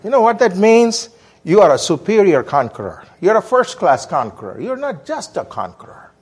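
High, lively man preaching a sermon. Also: moderate pace, breathy edge. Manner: emphatic call-and-response preaching. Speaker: guest preacher.

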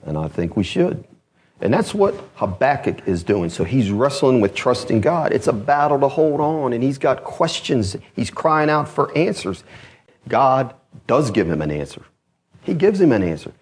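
A husky-voiced man preaches, his pitch swinging widely from low murmurs to high, loud cries as he quotes scripture. His delivery keeps rising and falling through the sermon. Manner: rises to loud cries when quoting scripture, then drops low.

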